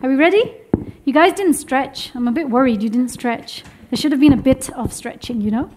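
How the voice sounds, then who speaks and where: Young woman leading a class, high and lively, encouraging, chuckles easily. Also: fairly quick, background noise. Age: young adult. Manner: lively, encouraging, laughs often. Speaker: womb health teacher. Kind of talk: workshop teaching to a live group. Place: room with a seated group.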